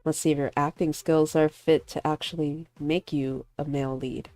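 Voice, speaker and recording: A woman voicing a spiteful young male actor in a visual novel, in a sharp, taunting manner. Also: low-pitched, level tone, moderate pace, no echo, faint music behind. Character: spiteful young man, rival actor bent on revenge.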